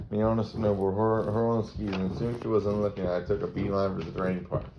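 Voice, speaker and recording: A man from Maryland telling a rambling, crude stand-up story. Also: low-pitched. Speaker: comedian. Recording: dull lo-fi recording with faint noise.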